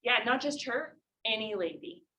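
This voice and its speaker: A woman's voice: on the high side, animated, normal speed, pushed and bright, rough recording. A woman teacher giving a casual classroom lecture, explaining with many fillers.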